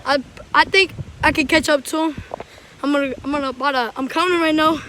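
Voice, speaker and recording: A woman vlogging while she plays hide and seek outside, out of breath, talking in hushed, jumpy bursts with loud exclamations, recorded on a handheld phone. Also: high-pitched, fairly even intonation, fairly quick, slight background noise. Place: outdoors in a thunderstorm at night. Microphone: handheld phone camera.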